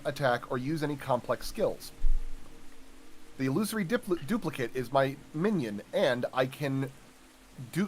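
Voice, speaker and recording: A man playing a tabletop game, describing his moves and reading out spell rules in a halting way. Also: on the high side, a little hiss or hum. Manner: halting, many fillers. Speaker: tabletop player.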